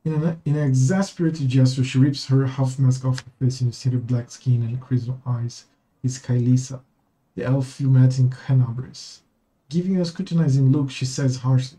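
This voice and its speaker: A man's voice: medium pitch, fairly even intonation, normal speed, dark tone, low-quality recording. A young man streaming a game, reading the dialogue and narration aloud in his own voice and dropping casual, swearing asides.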